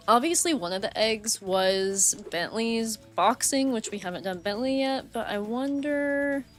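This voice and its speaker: A young woman streaming live gameplay, chatting along and breaking into loud frustrated outbursts at the game. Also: fairly high pitch.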